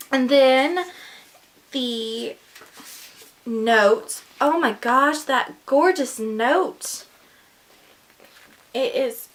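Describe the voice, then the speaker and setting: A woman chatting casually through an unboxing, gushing and excitable, with gasps and whispered asides. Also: high voice, very slow, pauses often. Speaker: book vlogger.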